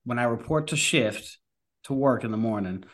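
A man's voice: mid-range voice, lively intonation, moderate pace. A man, a firefighter guest, talking casually in a rambling way with many restarts. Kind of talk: casual conversation.

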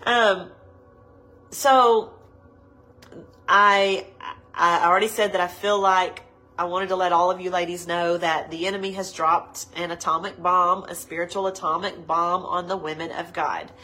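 A woman preaching a livestreamed sermon to women, her nose stuffed up, slow and emphatic, repeating her points with passion. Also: fairly low pitch, little pitch movement, pushed and bright, poor audio.

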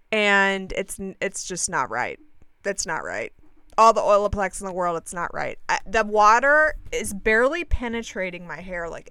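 A woman hosting her podcast, telling a rambling story in a chatty, animated way and swearing freely. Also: mid-range voice, clear, resonant tone, no room sound. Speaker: podcast host. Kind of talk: casual storytelling monologue.

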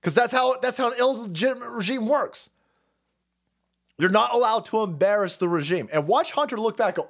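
A man's voice: lively intonation, brisk. A man running a profane, mocking political commentary stream. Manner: mocking, swearing, laughing, swings loud and low.

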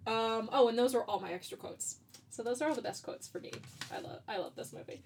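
A woman's voice: a little high, a little fast, slight background noise. A woman co-hosting a podcast in casual chat, swearing freely and laughing often. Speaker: podcast co-host.

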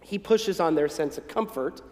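A pastor from the northern United States delivers a folksy, gently humorous sermon in a conversational way. His voice sits fairly high for a man. The recording carries a roomy echo with a long reverb tail from a church sanctuary. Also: animated, normal speed. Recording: echoey hall with long reverb.

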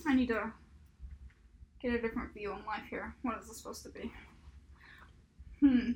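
A woman's voice: on the high side, fairly even intonation, moderate pace, noisy background. A woman co-hosting a podcast, casually recapping a story with lots of fillers. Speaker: podcast co-host. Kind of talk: casual chat.

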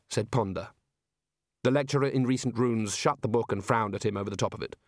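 A man reads an audiobook in a measured, expressive style, his voice on the low side. The scripted narration is recorded in clean studio sound with no echo.

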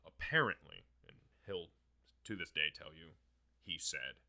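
Deep-voiced, profane young man telling stories. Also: a little slow, creaky. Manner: profane, animated storyteller. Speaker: podcast host. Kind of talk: casual storytelling chat.

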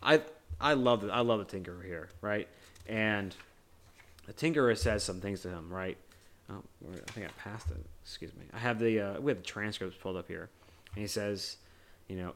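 A man with a somewhat low voice chats his way through a film on a podcast. His talk is rambling and full of restarts. He jokes loosely and swears in passing. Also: moderate pace, a bit bright. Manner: joking, loose, swears casually. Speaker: podcast co-host. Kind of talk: casual movie discussion.

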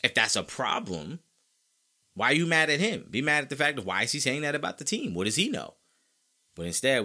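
A man's voice: medium pitch, fairly quick. A man hosting a sports podcast, talking casually and emphatically, repeating himself as he argues his opinions. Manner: emphatic, animated and opinionated, with frequent repetition. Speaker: podcast host.

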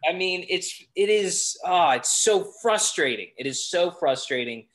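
A man's voice: high voice, lively intonation, unhurried, a bit bright. A man co-hosting a casual sports podcast, ranting in irritation, his voice rising as he goes. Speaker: podcast co-host.

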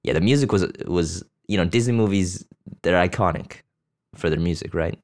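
A podcast host with a low, slightly mellow voice speaks at normal speed, rambling bluntly and crudely about a movie. His casual, profane chat is full of fillers and restarts.

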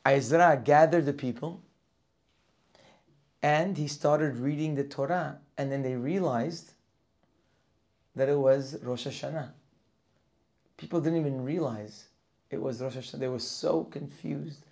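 A man's voice: on the high side, unhurried, gravelly, pauses often. A man teaching a Torah class for Rosh Hashanah, reading Hebrew verses and translating them line by line. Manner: reads Hebrew verses and translates each, rising and louder as he goes.

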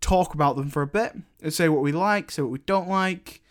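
A young man co-hosting a casual film podcast, talking in a rambling, halting way full of fillers. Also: fairly high pitch. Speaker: podcast co-host.

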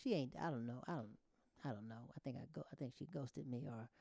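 A gravelly mid-range voice talks fast, with no room sound, as a thirtysomething comedian tells stand-up stories. He's animated and rambling, constantly interrupting himself.

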